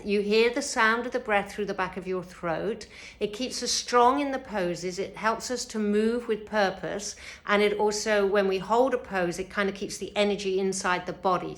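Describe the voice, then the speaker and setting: A woman teaching a yoga breathing lesson, speaking gently and unhurriedly, with frequent fillers and a slightly sore throat. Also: mid-range voice.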